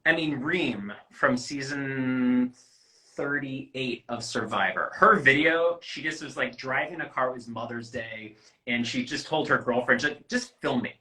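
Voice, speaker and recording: A man with a bright, forward voice talks casually through a video call. He acts out the way applicants talk, swears freely, and keeps a loose, chatty delivery. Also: medium pitch, measured pace, rough recording. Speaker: casting producer. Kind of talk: casual livestream chat. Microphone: phone or laptop on a video call.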